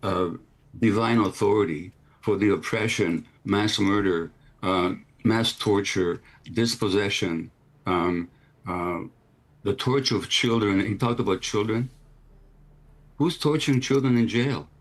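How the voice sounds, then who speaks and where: A man's voice: lowish voice, measured pace. A man answering as a television interview guest, pointed and insistent, asking repeated rhetorical questions.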